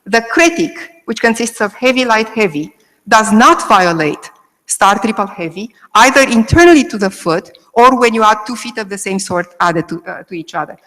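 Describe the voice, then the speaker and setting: In a large hall, with poor audio, a woman of medium pitch and fairly bright tone lectures on Greek meter at a moderate pace for a remote audience. Her intonation is lively. She explains step by step and checks in frequently with "okay."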